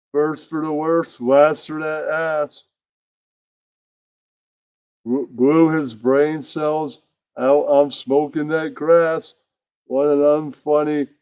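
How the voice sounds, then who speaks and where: A man's voice: on the high side, clean tone, no room sound, highs cut off. A man voicing a young male comic puppet who fires off crude rhyming insults.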